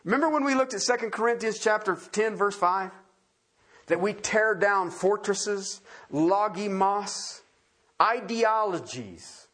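High, husky-voiced male preacher. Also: animated, unhurried, fairly bright tone. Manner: folksy, emphatic, rhetorical questions. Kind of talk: sermon.

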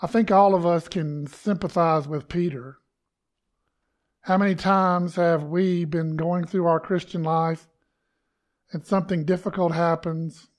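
Man, pastor, sermon, conversational, emphatic quoted lines, fairly high voice.

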